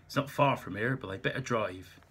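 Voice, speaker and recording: A man's voice: on the low side, brisk, a bit bright, husky. A man voicing a drunk, surly, swearing sculptor, in a blunt, slurred way.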